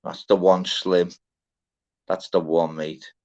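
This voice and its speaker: A man's voice: sits low, level tone, slow, darkish tone. A young Scouse man hosting a casual livestream, chatty and sweary, greeting viewers by name. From Liverpool, England. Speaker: livestream panel host. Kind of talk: casual live chat. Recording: dull lo-fi stream audio.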